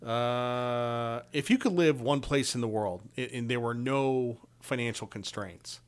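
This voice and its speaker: A man's voice: mid-range voice, a little slow, clean tone. Blunt sardonic man in casual talk. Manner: blunt, sardonic, working through a list of topics. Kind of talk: casual chat.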